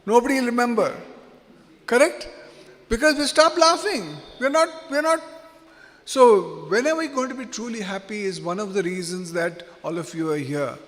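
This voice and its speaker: Man, workshop facilitator, high voice, long hall reverb. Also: moderate pace. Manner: quizzes the audience, joking and animated. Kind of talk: interactive workshop talk. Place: seminar hall.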